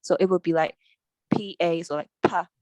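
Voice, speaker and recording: A woman talks through lesson points on a video call, hesitant and full of fillers. Her voice sits a little low and sounds dry and close. It has the feel of a casual study group. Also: fairly even intonation, fairly quick, darkish tone, no echo. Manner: hesitant, many fillers, recalling from memory. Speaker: teacher trainee in a study group.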